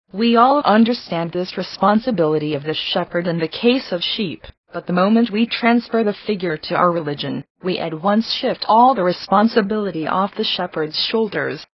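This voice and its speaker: A woman reading a devotional address aloud in an earnest, pleading, steady manner. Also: lowish voice, slightly rough, dry recording. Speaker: reader of a devotional text. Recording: dull lo-fi dry recording.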